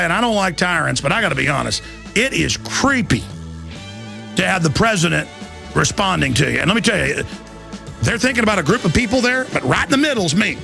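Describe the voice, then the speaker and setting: Loud and impassioned, a man in his thirties from Texas delivers a ranting political monologue on talk radio, mocking opponents through put-on voices. His voice is high and gravelly.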